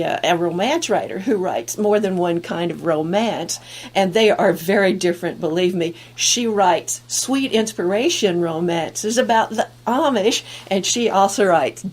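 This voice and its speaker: A woman's voice: lowish voice, unhurried. A woman author on a podcast panel, speaking articulately and laughing often. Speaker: author guest. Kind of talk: casual panel chat.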